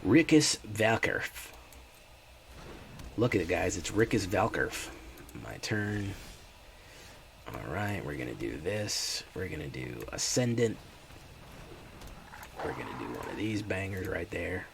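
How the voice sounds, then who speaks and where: A man's voice: low-pitched, sing-song, measured pace, gravelly, pauses often, a little hiss or hum. A man streaming a card game, chatting in a laid-back, rambling way with his viewers. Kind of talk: casual gameplay chat.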